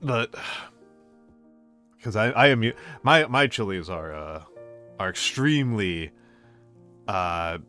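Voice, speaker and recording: A man with a lower voice hosts a casual live stream, talking to viewers as they drop in. He meanders, restarts, and echoes his own lines with a gentle playfulness. Faint music plays quietly in the background. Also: expressive, slow, long pauses. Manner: rambling, repeats phrases, gently playful. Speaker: VTuber streamer.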